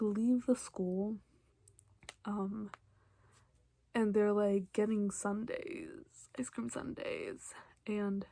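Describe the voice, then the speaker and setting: Young woman, breathy voice, close dry sound, chatty emotional recap, hushed asides. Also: mid-range voice, no echo. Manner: chatty, emotional, often drops to a soft hushed voice. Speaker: reaction vlogger. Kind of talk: casual recap and reaction.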